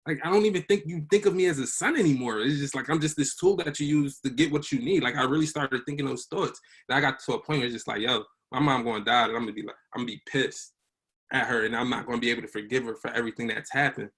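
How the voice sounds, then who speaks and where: A man's voice: mid-range voice, quick pace, a bit bright. A young man telling a candid personal story in casual slang, acting out the voices of the people he quotes.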